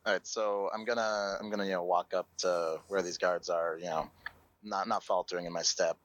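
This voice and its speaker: A man playing a tabletop game, halting and repeating himself as he plans his moves. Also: low voice, fairly even intonation, fairly bright tone, no room sound. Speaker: player. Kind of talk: casual tabletop play.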